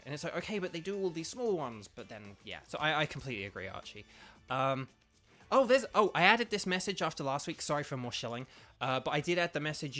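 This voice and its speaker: Rambling, animated man streaming a game. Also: mid-range voice. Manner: rambling, enthusiastic, many fillers. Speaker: video game streamer and voice actor. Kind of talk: casual live-stream chat.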